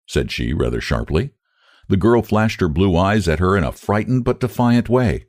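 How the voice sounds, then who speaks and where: A man reading a classic short story aloud in a measured, expressive narrating voice. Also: sits low, no echo, clean studio sound.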